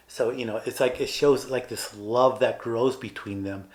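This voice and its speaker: A man's voice: mid-range voice, steady tone, a little slow. A man co-hosting a podcast in casual chat, earnestly retelling film scenes and acting out the characters' lines. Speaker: podcast co-host.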